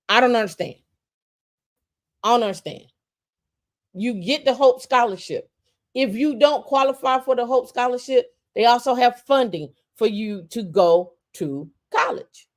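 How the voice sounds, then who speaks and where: A woman with a somewhat high-pitched voice, hosting a casual podcast chat. She speaks with passion, hammering points home by repeating them. When she gets heated, she trips over restarts. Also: normal speed. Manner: impassioned, ranting, repeats phrases for emphasis. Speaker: podcast co-host. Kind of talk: casual opinion talk.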